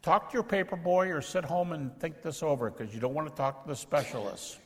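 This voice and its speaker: Middle-aged male lecturer, animated, plays out dialogues, slightly high voice, hall echo. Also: a little fast. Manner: animated, acts out dialogues with doubters. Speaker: speaker teaching apologetics. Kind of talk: lecture to an audience.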